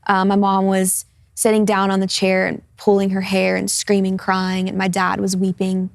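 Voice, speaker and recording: A woman's voice: medium pitch, completely flat delivery, normal speed, gravelly, no room sound. A woman in her twenties, a talk show guest, sharing her personal testimony in an earnest, open way. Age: 20s. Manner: earnest, open, laughs easily in light moments. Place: television studio.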